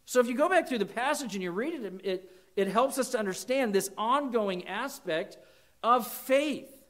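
A man's voice: lively intonation, moderate pace. A man preaching a sermon, earnest, reading scripture aloud and rising for emphasis. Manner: earnest, rises in pitch and volume for emphasis.

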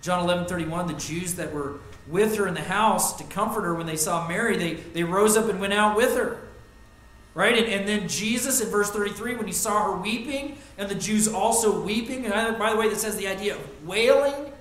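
A middle-aged male pastor preaching a sermon, earnest, rising loud on lists and dropping soft for personal stories. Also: high voice, brisk. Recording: echoey church room.

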